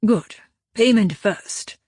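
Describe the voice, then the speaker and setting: A woman's voice: mid-range voice, takes it slowly, darkish tone, breathy edge, no room sound, clean studio sound. A woman voicing a stubborn, grumbling male dwarf who runs an underground restaurant, speaking in curt lines.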